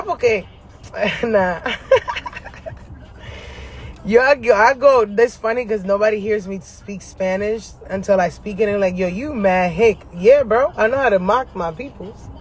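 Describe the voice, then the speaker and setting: A man chatting casually to camera from his car, telling stories in a profane, slangy way and laughing often. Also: sits high. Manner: animated, profane, slangy storytelling; laughs often between lines. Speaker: astrology vlogger. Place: inside a parked car.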